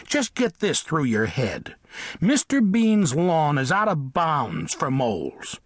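A man voicing a blunt, no-nonsense male farm cat in an audiobook, speaking gruffly and matter-of-factly. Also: a little high, wildly swooping pitch, slow, dry recording, clean studio sound, exaggerated voice. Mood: stern. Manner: gruff, warning, matter-of-fact. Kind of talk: audiobook character voice.

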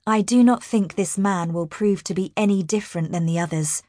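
A woman's voice: medium pitch, moderate pace, mellow, dry recording, clean studio sound, lightly acted. A woman narrator voicing a confident young woman warrior who speaks firmly and questions sharply. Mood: commanding. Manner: firm, questioning.

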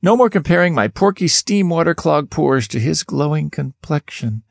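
A man narrating an audiobook in the first person, expressive and lifting his pitch sharply on questions, recorded close in a studio booth. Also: moderate pace, vocal fry, no room sound.

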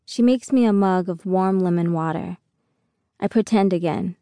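A woman narrating a first-person audiobook in an unhurried, reflective way. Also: lowish voice, warm tone, no room sound.

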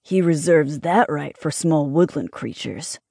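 A fearless young thrill-seeker, as a woman narrator puts him on, speaking low and husky in a hushed, conspiratorial manner. His tone is dark and mellow, and the audiobook recording is dry and close. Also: unhurried, no room sound, full character voice. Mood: ominous. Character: fearless thrill-seeking young man, playfully spooky. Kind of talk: audiobook character voice.

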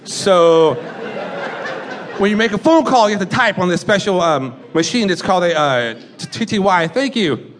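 A man's voice: sits high, expressive, normal speed. A young man doing a stand-up comedy set, rambling and profane, often laughing at his own jokes. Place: comedy club stage. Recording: live club recording with audience noise. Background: audience laughter and chatter.

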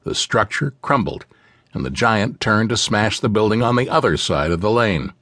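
A man reads an epic fantasy novel with an animated, widely varied pitch. His storytelling is vivid and expressive. The studio recording is very dry and close. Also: normal speed, dry recording. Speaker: audiobook narrator. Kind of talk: scripted fantasy narration.

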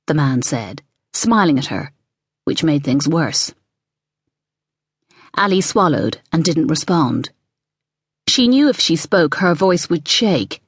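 Expressive female audiobook narrator; lower voice, dry studio sound. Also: slow, long pauses, husky, no room sound. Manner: expressive storytelling. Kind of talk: scripted narration.

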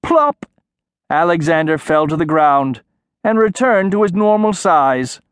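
A man narrating a children's audiobook in a measured, expressive way, recorded in a studio. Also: a little high, dry recording. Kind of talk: scripted narration.

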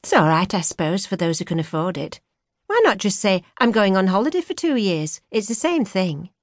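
A woman's voice: mid-range voice, very animated, no echo. A woman narrator voicing a young Yorkshire woman, earnest and teasing, in an audiobook. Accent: soft Yorkshire. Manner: teasing, idealistic, quick to mock. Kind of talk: audiobook character voice. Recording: dry studio recording.

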